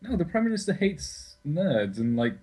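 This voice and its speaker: A man's voice: a little high, very animated, normal speed, a little mellow, breathy edge, poor audio. A young man co-hosting a podcast in casual, sweary, self-correcting chat. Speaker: podcast co-host.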